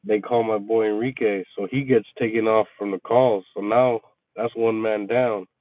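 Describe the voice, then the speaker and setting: A man telling a casual, profane story about his workday, venting with animated energy. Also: fairly low pitch, normal speed, dry recording. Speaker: resort maintenance worker chatting with viewers. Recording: tinny phone-like, dry sound.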